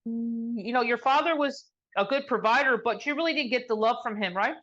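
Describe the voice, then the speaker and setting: A woman sound healer guiding an energy healing session, talking slowly and soothingly. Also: on the high side, a bit bright, highs cut off.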